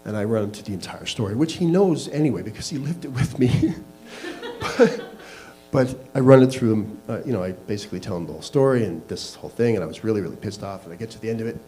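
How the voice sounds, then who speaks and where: A man's voice: on the low side, expressive, fast talker, warm tone, rough recording. A man telling a candid personal story to a live audience, laughing at himself as he goes. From Canada. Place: small live venue.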